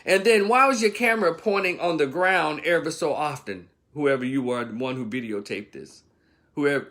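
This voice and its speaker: A man's voice: medium pitch, a bit bright. A man giving a blunt, profane, scolding opinion rant as a vlogger. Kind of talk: ranting commentary.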